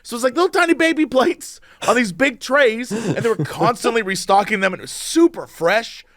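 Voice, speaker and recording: A man's voice: very high-pitched, fairly quick, no room sound, clean studio sound. A man co-hosting a podcast, telling stories in casual chat with lots of laughter. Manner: animated, laughing storyteller. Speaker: podcast co-host.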